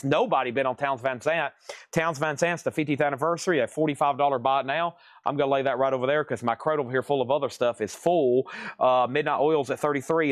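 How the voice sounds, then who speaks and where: A man hosting a live-streamed record sale, rattling off titles, prices and conditions in quick auction patter. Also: mid-range voice, no echo, studio quality. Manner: rapid-fire listing of prices and conditions.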